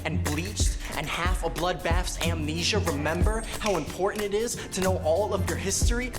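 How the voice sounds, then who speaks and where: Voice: medium pitch, normal speed, over loud music. A young adult slam poet performing a spoken-word piece with a rhythmic, intense delivery. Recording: film audio with score underneath.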